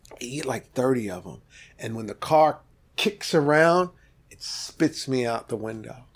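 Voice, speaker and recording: A man's voice: medium pitch, unhurried. Middle-aged man telling a vivid story. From Los Angeles. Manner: vivid, animated retelling with sudden rises and soft drop-offs. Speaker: podcast guest. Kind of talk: candid storytelling about his past.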